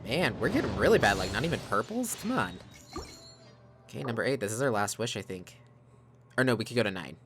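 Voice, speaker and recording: A man's voice: mid-range voice, very animated, a little fast, pauses often, fairly bright tone, soft background music. A man hosting a let's play, chatting casually to his viewers on a desk microphone. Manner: chatty, addresses viewers as guys. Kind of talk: casual gaming commentary.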